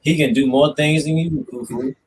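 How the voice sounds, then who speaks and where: Man moderating, slow leading questions. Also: on the high side, fairly even intonation, darkish tone, breathy edge, poor audio. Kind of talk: casual debate.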